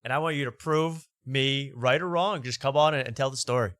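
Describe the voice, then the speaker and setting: Sharp, bright-voiced sarcastic male host. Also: mid-range voice, brisk, no room sound, clean studio sound. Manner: sarcastic, riffing, mock voices. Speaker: talk show host. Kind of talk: casual comedic commentary.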